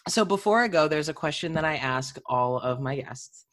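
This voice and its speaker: A man hosting a casual interview, telling stories in an animated way and laughing easily, over a video call. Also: fairly high pitch, normal speed. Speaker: interview host.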